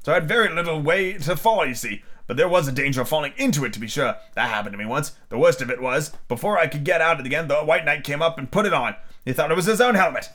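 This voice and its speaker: A man voicing a bumbling, solemn male knight who invents odd things, speaking gravely and earnestly. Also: fairly high pitch, expressive, fast talker, few pauses, a bit bright, voice pushed up.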